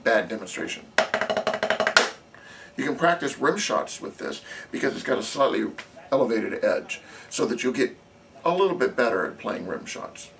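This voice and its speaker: A man's voice: medium pitch, big pitch swings, normal speed, gravelly, music in the background. A man teaching snare drum technique as a drumline instructor, explaining methodically and counting beats aloud. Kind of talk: instructional demonstration. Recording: distant camera audio with faint noise.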